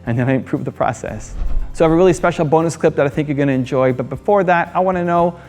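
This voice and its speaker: A man's voice: on the high side, quick pace, darkish tone, faint music behind. Earnest man hosting a motivational vlog. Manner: earnest, repetitive, asks rhetorical questions. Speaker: channel host.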